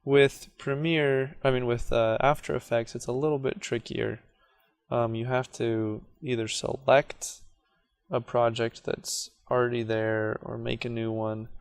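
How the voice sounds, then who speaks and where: A gravelly yet clean-toned man's voice, mid-range and a little slow, talks through a video editing tutorial while clicking along on screen. He's easygoing and corrects himself from time to time as he works.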